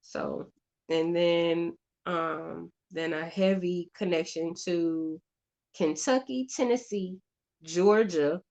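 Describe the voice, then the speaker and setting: A woman hosting her own show, telling a story in a casual, chatty way, halting with fillers and restarts, on a slightly dull, lo-fi recording. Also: on the low side, gravelly, a little mellow. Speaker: podcast host.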